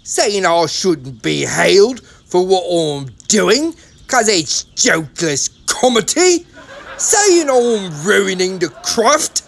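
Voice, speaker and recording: A woman's voice: medium pitch, very animated, slow, gravelly, full character voice. A woman voicing a sulky comedian in a cartoon parody, complaining in an aggrieved way about her critics.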